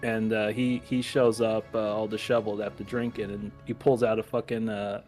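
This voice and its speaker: A man's voice: fairly low pitch, little pitch movement, a little mellow, faint music behind. Young man recapping an episode casually. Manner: easygoing, recapping, quick to agree. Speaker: podcast co-host. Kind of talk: casual podcast chat.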